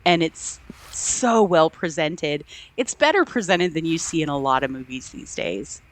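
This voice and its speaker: A woman's voice: low voice, expressive, measured pace. A woman co-hosting a podcast, enthusiastically retelling film scenes with acted-out quotes and frequent laughter. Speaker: podcast co-host. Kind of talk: casual film discussion.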